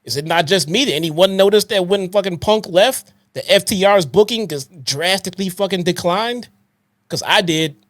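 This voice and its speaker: A man co-hosts a podcast and lectures emphatically, peppering his points with swearing. His voice sits fairly high. The recording is dry and close, with no room sound. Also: normal speed, fairly bright tone, no echo. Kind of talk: heated podcast rant.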